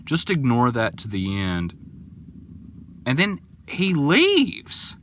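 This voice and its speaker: A young man hosting a podcast, telling a story in a casual, animated and indignant way, acting out the people in it. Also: medium pitch, slow pace, a little hiss or hum. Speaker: podcast host.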